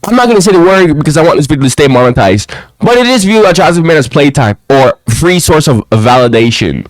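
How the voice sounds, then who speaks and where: A young man ranting to camera in a casual monologue at home, often tacking a low "bro" onto his lines. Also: lively intonation, fast talker, dry recording, poor audio. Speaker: vlogger. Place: quiet home, alone.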